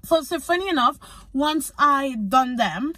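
Chatty young British woman, bright voice. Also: high-pitched, measured pace, no echo. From United Kingdom. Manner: chatty and animated, acts out conversations. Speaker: physician associate student. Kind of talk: casual storytelling vlog.

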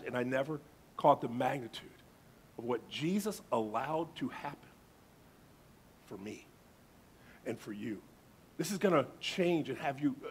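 A man's voice: mid-range voice, slight background noise. A male pastor preaching a sermon, reading scripture emphatically and dramatically.

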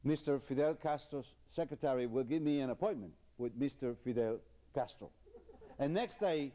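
A man's voice: mid-range voice, normal speed, warm tone, lightly acted. A man playing a boastful Cuban guy in a joke, topping another man's story.

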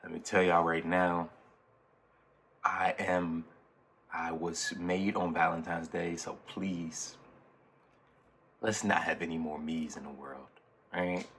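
A man hosting a music reaction video, talking casually and getting excited, often repeating himself. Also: deep voice, takes it slowly, long pauses, slight background noise. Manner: excitable, talks over the track, repeats himself. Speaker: reaction channel host.

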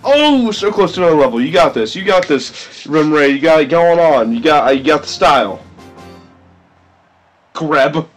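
Excitable high-pitched man narrating gameplay. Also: fairly quick, few pauses, soft background music. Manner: goofy, makes silly sound effects. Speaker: let's play host. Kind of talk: excitable gaming commentary.

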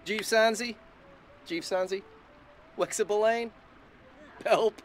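A man's voice: high-pitched, slow, a little hiss or hum. A man voicing a video game character who chimes in with short invented gibberish phrases. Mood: playful.

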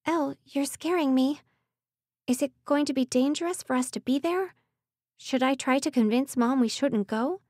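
A woman voicing an anxious young stepsister who asks worried, hurried questions, pitched above her own narrating voice. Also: darkish tone, no room sound, studio quality, close to an everyday voice.

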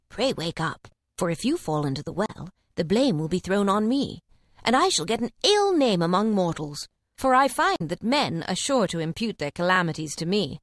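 Woman voicing a grave, low Dame Fortune. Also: no echo, clean studio sound. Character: Dame Fortune, stately female spirit.

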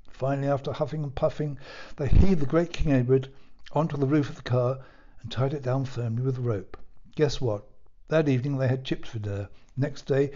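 A man, an author reading his own children's story aloud in a measured, playful storytelling manner. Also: medium pitch, warm tone, dull audio.

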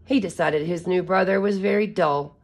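A woman's voice: fairly low pitch, moderate pace. A woman reading a children's picture book aloud in a careful, teacher-like way. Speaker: story reader for children.

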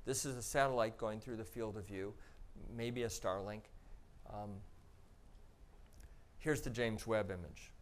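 A man giving a public talk about space images, walking the audience through slides in a relaxed, conversational way with frequent pauses and filler words. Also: fairly low pitch, slight background noise. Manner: conversational, explaining step by step with frequent "um" and "you know".

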